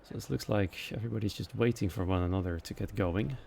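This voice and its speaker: Gravelly Dutch-accented race commentator. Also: male voice, lowish voice, fast talker, a little hiss or hum. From Netherlands. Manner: quiet and chatty while waiting, lively and louder once the race starts. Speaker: sim racing commentator.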